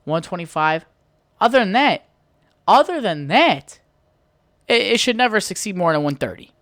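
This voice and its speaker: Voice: mid-range voice, big pitch swings, moderate pace, fairly bright tone, dry recording, studio quality. A podcast host from the United States ranting heatedly and profanely in a solo monologue.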